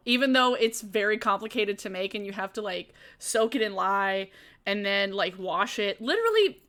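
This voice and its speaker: A woman's voice: mid-range voice, a bit bright. A young woman hosting a casual live-stream Q&A, chatty and laughing often, swearing casually as she answers chat questions.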